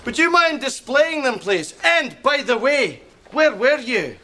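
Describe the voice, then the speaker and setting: A man's voice: very high voice, sing-song, a little slow, heavily acted. An actor playing a hot-tempered Scottish shop owner and father in a comedy sketch, blustering between threats and tearful affection, with a Scottish accent. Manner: blustering, shouts threats then gushes affection.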